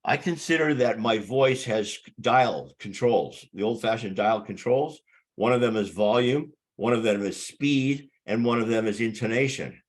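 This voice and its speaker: A man who is a guest on an interview about public speaking, talking emphatically and deliberately shifting his speed and volume. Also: fairly low pitch. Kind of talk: casual interview chat.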